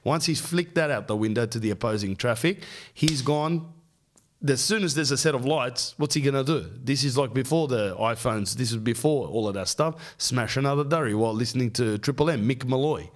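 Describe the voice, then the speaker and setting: A man's voice: mid-range voice, a little fast. An Australian man hosting a podcast, telling a rambling, slang-filled story in casual chat. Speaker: podcast host.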